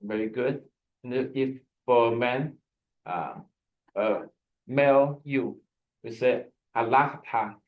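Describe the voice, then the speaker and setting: A man of average pitch guides students through a language lesson on a video call. He explains slowly and patiently, often stopping to restart a sentence. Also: phone-quality sound. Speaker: Hebrew teacher.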